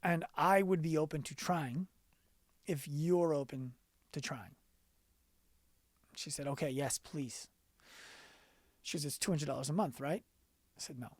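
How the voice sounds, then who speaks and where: A man being interviewed on a podcast as a business coach, telling stories earnestly and going quiet for the emotional parts. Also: on the high side, unhurried, long pauses, no room sound.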